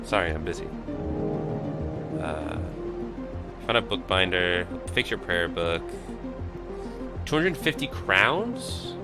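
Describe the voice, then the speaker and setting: A man's voice: sits low, big pitch swings, slow, long pauses, over music. A man streaming a video game, chatting casually and reading game text aloud.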